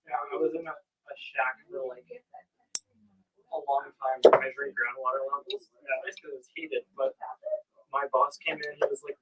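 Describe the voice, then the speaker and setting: A man's voice: medium pitch, steady tone, moderate pace, a bit bright, far from the mic, low-quality recording. A man casually telling an easygoing story about his work. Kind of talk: casual chat.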